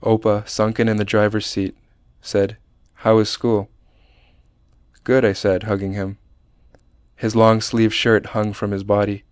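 A man reading a personal memoir aloud in a measured, understated manner. His voice sits low and stays flat and even, smooth and clear, with a dry, close sound. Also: no room sound. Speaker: narrator.

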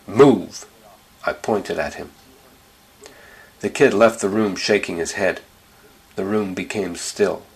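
A man's voice: low voice, vocal fry, breathy edge, poor audio. A man narrating a first-person story in a plain, understated, blunt way.

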